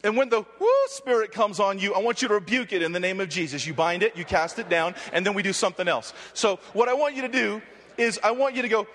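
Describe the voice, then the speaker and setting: Quick-paced and fairly bright, this high-voiced preacher prays and preaches with fervor to a live hall audience. Jokes and crowd-rousing fill the energetic sermon, which rings with long hall reverb.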